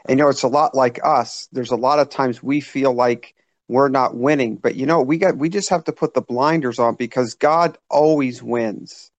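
A man's voice: medium pitch, normal speed, no echo. A man earnestly sharing a reflection in a casual discussion.

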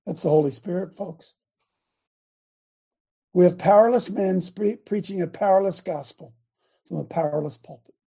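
An older man hosting a talk radio show, delivering a fiery, repetitive preachy rant that rises to shouts. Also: high voice, moderate pace, vocal fry, long pauses, breathy edge.

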